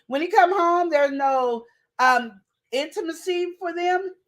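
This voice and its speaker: A woman hosting a casual relationship advice show, telling stories in an animated, slangy way. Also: very high voice, measured pace. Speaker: host.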